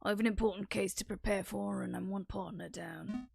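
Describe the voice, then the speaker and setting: A woman's voice: medium pitch, fairly even intonation, fairly quick, creaky. A woman streamer reading game dialogue aloud in character, laughing along, faint game music behind.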